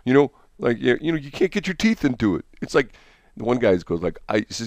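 A man's voice: mid-range voice, big pitch swings, fast, no room sound. A man hosting a casual morning radio chat, rambling and chuckling, restarting his sentences often. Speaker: radio host.

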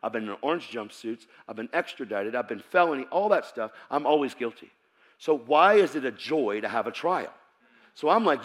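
A man preaching a sermon to a church audience, telling his own story and breaking into shouts. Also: a little high, a little fast. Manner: animated storytelling that bursts into shouting. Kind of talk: sermon with personal testimony.

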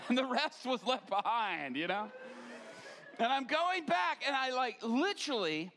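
Animated male pastor telling a story. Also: extremely high pitch, unhurried. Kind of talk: sermon storytelling.

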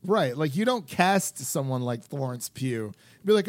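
A man co-hosting a podcast in casual chat, animated and full of fillers as he acts out quotes. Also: a little high, moderate pace, dry recording. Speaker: podcast co-host.

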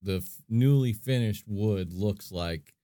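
A man with a fairly low, mellow voice talks casually on a podcast, pausing and hedging as he thinks aloud. The recording is dry and close. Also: no echo. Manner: hesitant, thinking aloud with many fillers. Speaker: podcast co-host. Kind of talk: casual chat.

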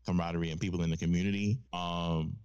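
A man hosting a casual podcast chat, animated and profane, acting out the voices he quotes. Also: low-pitched, quick pace, smooth. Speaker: podcast host. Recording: dull lo-fi sound.

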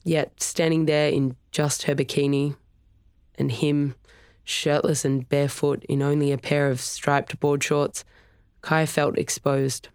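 A steady audiobook narrator reading a novel in an even, measured way. The voice is close and dry, with no room sound. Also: medium pitch, clear, resonant tone, no room sound. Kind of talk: scripted narration.

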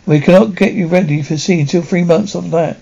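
A man's voice: high-pitched, a little fast, creaky, warm tone. A man voicing a kindly older shipowner who speaks to his sailor in an encouraging way. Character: kindly older male shipowner, generous employer. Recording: dull lo-fi recording.

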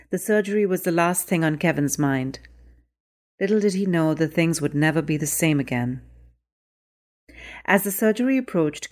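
A woman narrating her own short story in an even, clear storytelling manner. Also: deep voice. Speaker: story author and reader. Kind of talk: scripted narration.

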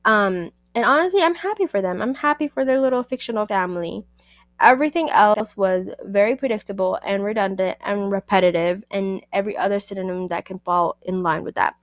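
A woman hosts a casual book review podcast and talks back to the characters with plenty of sass. Her voice sits at a middle pitch and is recorded close and dry, with no room sound. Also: a little fast, no echo, lo-fi sound.

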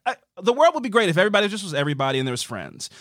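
A man's voice: sits high, big pitch swings, rapid-fire, a bit bright, no echo, clean studio sound. A man co-hosting a casual podcast chat, talking animatedly and dropping into mocking quoted voices. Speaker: podcast co-host.

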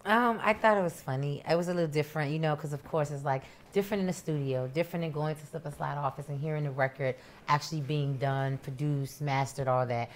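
Low-voiced woman telling stories. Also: fast, few pauses, a little hiss or hum. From Miami, USA. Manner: animated storyteller, acts out quoted voices. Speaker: rapper, interview guest. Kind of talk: casual interview.

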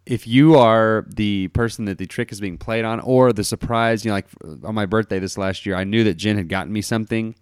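Low-voiced man hosting a podcast. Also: a little fast, hardly any pauses, clean tone, dry recording, studio quality. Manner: relaxed, laughs easily. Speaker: podcast host. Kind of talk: casual chat.

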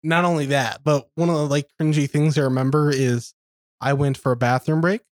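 A man's voice: fairly high pitch, steady tone, brisk, no room sound, studio quality. A young man co-hosting a podcast, recalling his own antics in an easygoing, self-mocking way. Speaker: podcast co-host. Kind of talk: casual chat.

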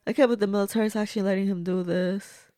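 A woman's voice: mid-range voice, steady tone, rapid-fire, dark tone, clear, resonant tone, no echo, studio quality. A woman reacting to a movie as she watches it, gushing and blunt, talking back at the screen. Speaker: movie reviewer. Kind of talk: casual movie reaction commentary.

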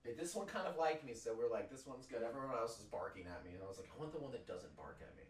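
A man's voice: medium pitch, lively intonation, fast talker, slightly rough. A young man chatting loosely on a stream, swearing often and rambling between jokes. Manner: profane, loose and joking, with many fillers. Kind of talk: casual rambling chat.

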